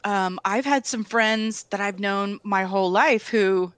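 A woman talking casually, telling stories in a candid, animated way with lots of fillers. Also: mid-range voice, a little slow, clean tone, no echo. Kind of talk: casual conversation.

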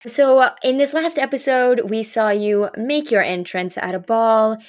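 A woman hosting a podcast she created, chatting in a casual, upbeat way with quick asides. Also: a little high, smooth. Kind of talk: casual interview chat.

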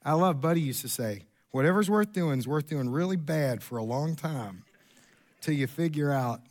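A middle-aged man preaching a sermon in a church, an animated storyteller who jumps his pitch up for quoted lines. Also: moderate pace. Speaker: pastor. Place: church sanctuary.

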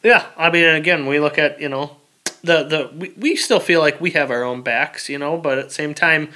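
A man, a military veteran, talking plainly in a casual interview, halting with fillers and repeated words. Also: a little high, bright, forceful tone, a little hiss or hum.

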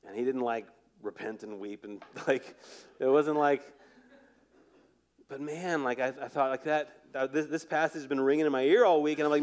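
A man preaching a conversational sermon as pastor, animated and often checking in with his listeners. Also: medium pitch, moderate pace. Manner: animated, repeatedly asking "right?".

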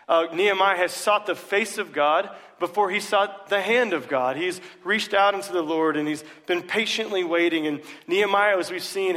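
A man preaches in a church sanctuary in a loose, conversational way, with easy jokes and frequent "uh" fillers. His voice sits a little high for a man. The sound trails off in the long reverb of a large hall. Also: a bit bright. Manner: casual, joking, many "uh" fillers. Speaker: pastor. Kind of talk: sermon.

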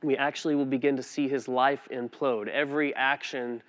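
A man preaching a sermon as pastor, telling a personal story in a conversational, animated way with frequent restarts. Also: medium pitch, normal speed.

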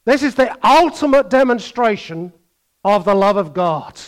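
An older man delivers an animated sermon, swinging from loud bursts to quiet asides and imitating other voices. His voice is high-pitched and his delivery a little slow.

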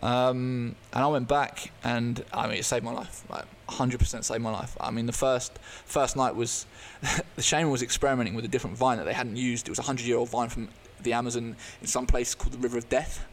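A man's voice: mid-range voice, steady tone, a little hiss or hum. A man, a podcast guest, telling a candid personal story in an earnest, open way, often restarting his sentences. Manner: halting, frequent restarts and fillers.

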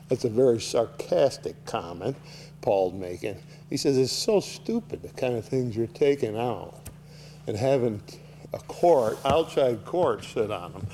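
A man of middle pitch teaches a Bible chapter verse by verse, reading a line and then paraphrasing it. He swings from sharp, raised rebukes to quiet, low asides. A faint hum sits under his voice. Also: unhurried. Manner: animated, rising sharply to voice Paul's rebukes, dropping low for asides.

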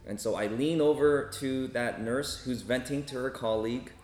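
A man's voice: medium pitch, normal speed, darkish tone. A man who works as a hospital chaplain, telling a story to a group in a casual way and often checking in with "right?" and "okay?". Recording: roomy echo with faint ambience.

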